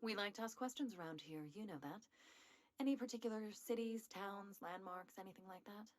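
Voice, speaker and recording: A woman playing a calm, probing interviewer. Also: medium pitch, brisk, no room sound, natural voice. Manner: calm, probing, persistent questions. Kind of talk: video game voice acting.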